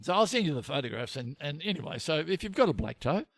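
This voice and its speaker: A man's voice: a little high, sing-song, fast, no room sound, studio quality. An older Australian man co-hosting a podcast, telling a rambling, self-mocking story in casual chat. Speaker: podcast co-host.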